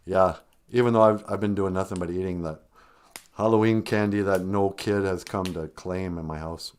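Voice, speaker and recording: A man hosting a comedic live stream, joking with viewers, laughing often and making deadpan asides. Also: deep voice, moderate pace, a little hiss or hum. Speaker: host.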